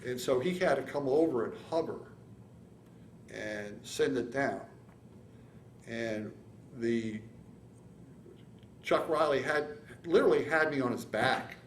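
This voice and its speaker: Older guy in his 70s telling an oral history, lots of restarts, roomy echo, faint hum behind. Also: medium pitch. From San Francisco, California. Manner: halting storytelling, many restarts, acts out quoted voices. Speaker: veteran interviewee.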